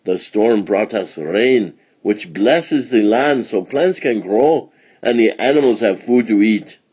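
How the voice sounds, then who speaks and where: A man reading a storybook aloud, voicing a gentle, wise old grandmother who speaks softly. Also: on the low side, lively intonation, slow, husky, exaggerated voice. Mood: soothing. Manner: soft, soothing.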